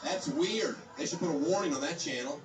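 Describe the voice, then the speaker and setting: A man doing stand-up, delivering dry deadpan one-liners. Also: on the high side, brisk, reverberant, far from the mic, music in the background, low-quality recording. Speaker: stand-up comedian. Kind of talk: stand-up set.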